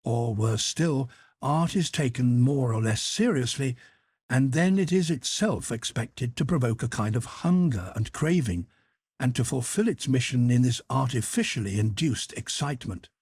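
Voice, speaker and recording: Male audiobook narrator with a husky tone and a dry, close sound. Measured, deliberate essay reading. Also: mid-range voice, animated, a little mellow, dry recording. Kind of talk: scripted narration of a philosophical essay.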